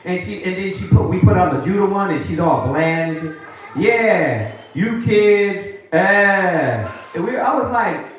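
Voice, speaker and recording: Animated male street preacher, high voice, heard from far off. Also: fairly quick, slight background noise. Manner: animated, mocking voices of others. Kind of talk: preaching to a group. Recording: echoey room from far off.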